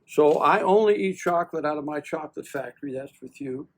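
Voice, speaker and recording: A man from the United States in his seventies, a veteran appearing as a guest, tells a long personal story in a casual interview. Animated and folksy, he acts out both sides of the conversation with self-deprecating humor. His voice is fairly high and fairly quick.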